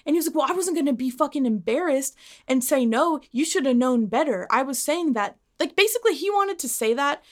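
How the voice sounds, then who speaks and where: A young woman co-hosting a podcast, telling a long personal story in casual chat, animated and swearing as she acts out what people said. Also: high voice, brisk. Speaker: podcast co-host.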